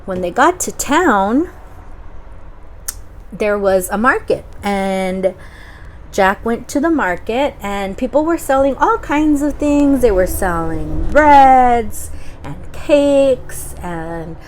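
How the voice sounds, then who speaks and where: A young woman telling a fairy tale to children, unhurried and expressive, pausing often between phrases. Her voice sits a little high. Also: slight background noise. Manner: slow, expressive, with many pauses. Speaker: storyteller for children. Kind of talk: oral storytelling for kids.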